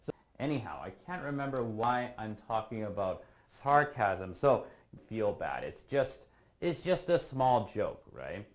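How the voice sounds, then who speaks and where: A man teaching a casual online English lesson over a video call. He explains patiently and often checks in with a quick question at the end of a point. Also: lowish voice, very animated.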